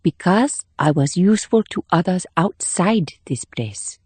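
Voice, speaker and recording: A man's voice: high-pitched, a little slow, slightly rough, no room sound, pitched above the performer's own voice, exaggerated voice. A male audiobook narrator voicing a cold, ruthless female state agent who speaks in clipped, commanding lines. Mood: measured. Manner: clipped, commanding, flat menace. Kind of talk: audiobook character voice.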